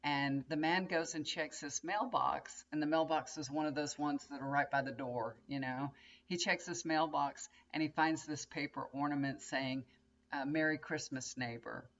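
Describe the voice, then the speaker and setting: A woman's voice: low-pitched, fairly even intonation, normal speed, a bit bright, dull audio. An older woman, chatting casually to camera from her bedroom in a rambling, storytelling way. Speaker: tarot reader and vlogger. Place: bedroom at home, indoors.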